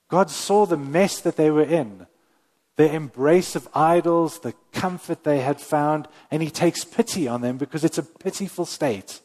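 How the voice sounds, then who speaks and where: Guy preaching a sermon, earnest, slows down for emphasis, lots of reverb like a big church. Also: on the high side, a little mellow. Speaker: pastor. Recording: long hall reverb.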